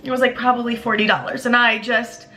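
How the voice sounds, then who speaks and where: Bright-voiced young woman telling a candid story. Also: fairly high pitch, level tone, a little fast, faint music behind. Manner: emotional, profane, confessional. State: tearful at times. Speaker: vlogger.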